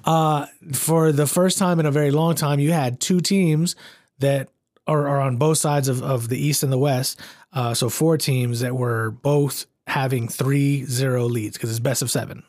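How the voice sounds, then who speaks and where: A man from Texas co-hosting a podcast, telling sports stories in a casual, animated way and briefly putting on voices for the people he quotes. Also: medium pitch, measured pace, no room sound, clean studio sound. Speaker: podcast co-host. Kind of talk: casual chat.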